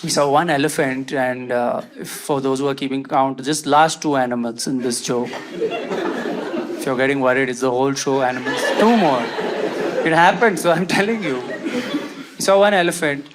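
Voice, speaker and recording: A man performing a stand-up comedy set, telling an animated story, acting out quotes and bursting into loud indignation. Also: mid-range voice, moderate pace. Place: comedy stage before a live audience. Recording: stage set with loud audience laughter and noise.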